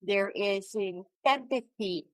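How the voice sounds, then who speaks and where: A woman's voice: mid-range voice, slow, dry recording, rough recording. Lady on a podcast, earnest, asks lots of questions, dry sound. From France. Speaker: podcast guest. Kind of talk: casual podcast conversation.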